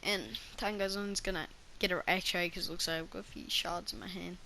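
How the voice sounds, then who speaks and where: A woman's voice: lowish voice, steady tone, a little fast, bright, forceful tone, slight background noise. A woman vlogger telling a personal story in a casual, rambling way, full of restarts and fillers.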